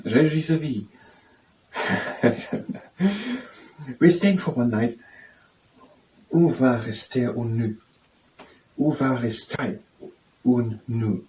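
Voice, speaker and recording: A man, tutoring by slowly repeating French phrases and testing how they sound, then leading simple wrist exercises. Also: medium pitch, a little mellow. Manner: slow, repetitive, trying out pronunciations. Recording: distant mic with faint background noise.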